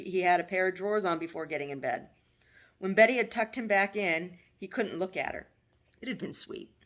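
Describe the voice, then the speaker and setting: A woman's voice: on the low side, fairly bright tone. Woman narrating her own novel. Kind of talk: audiobook narration.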